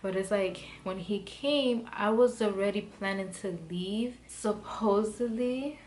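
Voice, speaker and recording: A woman's voice: mid-range voice, slow pace, a little mellow, a little hiss or hum. A young woman telling a storytime vlog in a heated, profane, rambling way, full of "like" and restarts. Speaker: vlogger. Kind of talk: casual storytime monologue. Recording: music playing behind her voice.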